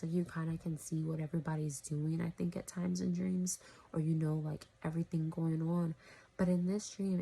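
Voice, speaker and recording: Woman vlogger, low husky gravelly voice, flat delivery, rambling, drifts into whispers. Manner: rambling, full of "you know" and "like", often drops to a whisper. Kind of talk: casual storytelling to camera.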